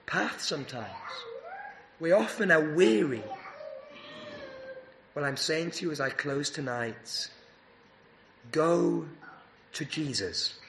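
A man's voice: on the high side, fairly bright tone, echoey room, a little hiss or hum. A man preaching an evening sermon in an earnest, emphatic way, his voice rising as he presses each point. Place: church.

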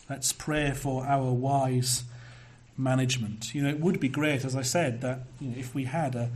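A pastor preaching a sermon, measured and emphatic, slowing down to stress key phrases. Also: male voice, mid-range voice, fairly even intonation.

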